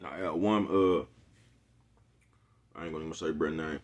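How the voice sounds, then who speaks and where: A man's voice: very deep voice, fairly even intonation, normal speed. A middle-aged man talking casually to his viewers in street slang, often checking in with his listeners. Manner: laid-back street slang, frequent asides to listeners. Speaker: vlogger.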